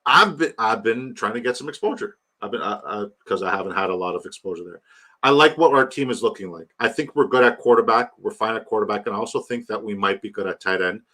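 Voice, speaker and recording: A man's voice: fairly low pitch, fast, bright, forceful tone. A man hosting a casual livestream, rambling about his draft, reading chat aloud and hyping a giveaway. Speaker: livestream host.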